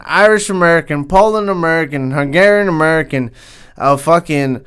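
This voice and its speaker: A man's voice: fairly high pitch, normal speed, fairly bright tone, clean tone. A young man from Southern California hosting a podcast, delivering a heated, swear-filled comedic rant and tagging lines with "man.". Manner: heated, swears constantly, says "man" a lot. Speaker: podcast host.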